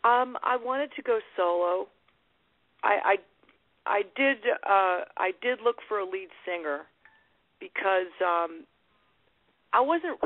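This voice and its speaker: A woman's voice: medium pitch, animated, slow, pauses often, no room sound. A woman guest musician talking candidly in a phone interview, restarting her sentences and laughing often. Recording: tinny phone line.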